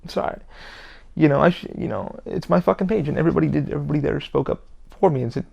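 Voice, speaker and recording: A man talks on his own podcast in a blunt, unscripted rant, and he swears in almost every line. His voice is heavily gravelly with a lot of fry and sits a bit higher than most men's. He often stumbles and restarts his sentences. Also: fast talker, a little mellow, muffled recording. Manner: heavy swearing, blunt ranting. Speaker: podcast host.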